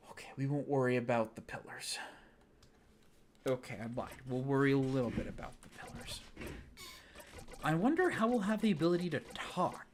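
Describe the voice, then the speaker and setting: A man's voice: fairly high pitch, slight background noise. A man giving casual, joking gameplay commentary as a let's play host, with game music behind. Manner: chatty, joking asides to himself.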